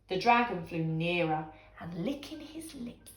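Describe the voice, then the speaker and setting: Slow animated woman reading a bedtime story. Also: a little high. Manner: animated, dramatic storytelling with whispers. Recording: echoey room, faint music.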